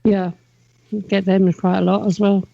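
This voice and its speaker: A woman's voice: mid-range voice, level tone, a little slow, creaky, dark tone, no room sound, highs cut off. A woman co-hosting a radio show, chatting informally. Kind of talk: casual radio chat.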